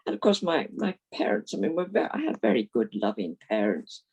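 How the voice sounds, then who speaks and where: Gravelly-voiced woman in her eighties. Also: a bass voice, very animated, fairly quick, darkish tone, low-quality recording. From London, England. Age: 80s. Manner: chatty, frank, laughs while telling stories. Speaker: retired minister, interviewee. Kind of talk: reminiscing interview.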